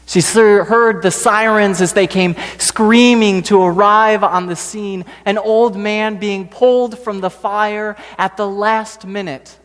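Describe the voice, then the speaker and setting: A male pastor slowly telling a story during a sermon in a church sanctuary. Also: high voice, in a large hall. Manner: slow, gentle storytelling.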